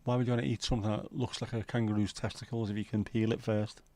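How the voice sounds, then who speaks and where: A man's voice: lowish voice, little pitch movement, quick pace, darkish tone, no echo. A man hosting a livestream, chatting casually and cheekily with viewers and reading out their comments by name. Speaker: livestream host.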